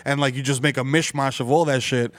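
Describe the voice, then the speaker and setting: A man's voice: medium pitch, steady tone, a little fast, a bit bright, dry recording. A man, a comedian hosting a podcast, rambling with lots of fillers. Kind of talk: casual chat.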